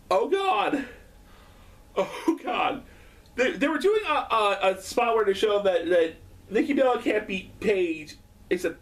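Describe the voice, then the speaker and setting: Man, casual vlog, rambling, profane, lively pitch, distant mic. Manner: excitable, profane, laughing often. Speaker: vlogger. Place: home.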